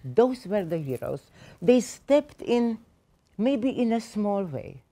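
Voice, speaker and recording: A woman's voice: medium pitch, mellow. A woman in her eighties, a survivor giving personal testimony to teachers at a seminar, telling her story with emphasis and emotion. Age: 80s. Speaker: Holocaust survivor speaking to teachers. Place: seminar room.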